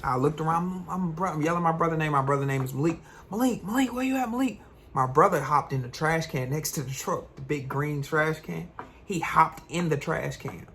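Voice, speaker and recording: A young man tells a story from his own life in a loose, slangy, animated vlog style. His voice sits fairly high with a gravelly fry, and a faint noise runs underneath. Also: brisk. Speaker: vlogger.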